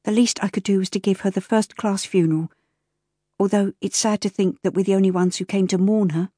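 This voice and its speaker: A woman voicing a kind, sensible young working woman in an audiobook, gentle and earnest. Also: mid-range voice, steady tone, a little fast, no echo, clean studio sound, close to an everyday voice. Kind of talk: audiobook character voice.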